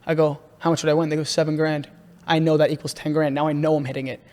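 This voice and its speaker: A young man on a podcast, excitedly telling a long story and calling his listener "bro" a lot. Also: on the high side, fast. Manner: excitable, repeats himself, says "bro" a lot. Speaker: podcast host. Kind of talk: casual podcast chat, storytelling. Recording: room with long reverb.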